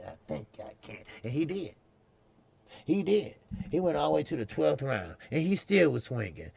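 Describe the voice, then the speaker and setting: A man's voice: medium pitch, creaky, dry recording. A man hosting a boxing talk stream, rambling and profane, repeating himself as he talks. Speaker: boxing show host. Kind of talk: casual live-stream commentary.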